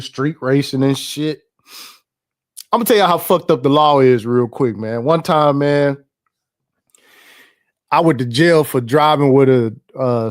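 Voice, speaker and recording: Laughing, profane livestream host, a man. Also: a little high. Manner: loose and profane, laughs often, repeats himself. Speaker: livestream host reading chat. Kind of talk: casual livestream chat.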